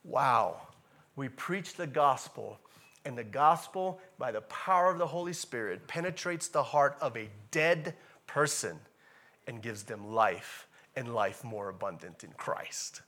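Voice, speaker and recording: A man preaching a sermon in a casual, animated way, repeating key phrases and rising to loud emphatic bursts. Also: medium pitch, a little slow. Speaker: pastor.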